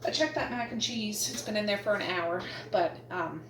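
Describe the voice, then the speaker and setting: A woman vlogger from Nova Scotia, Canada, speaks at normal speed with a medium-pitched voice, chatting and laughing while out of breath. It's a casual cooking vlog shot as a home video in her kitchen and attic, with faint noise in the recording.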